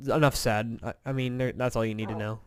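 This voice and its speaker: A man's voice: medium pitch, steady tone, a little fast, smooth. Tired, rambling man chatting through gameplay. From Indiana, USA. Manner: rambling, chatty, self-mocking. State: tired, yawning. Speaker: gaming commentator. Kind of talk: casual let's-play chat.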